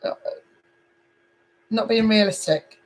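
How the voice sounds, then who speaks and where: A woman's voice: mid-range voice, slow pace, low-quality recording. Chatty woman doing a live tarot reading. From England. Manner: chatty, animated, reads cards aloud and talks to viewers. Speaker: tarot reader.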